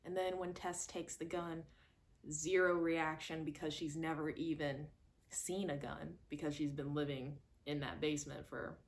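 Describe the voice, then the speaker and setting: A woman with a lowish voice talks casually through a horror movie. She is animated and expressive and jumps into quoted voices to act out scenes. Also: measured pace, slight background noise. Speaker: movie reviewer. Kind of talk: casual chat.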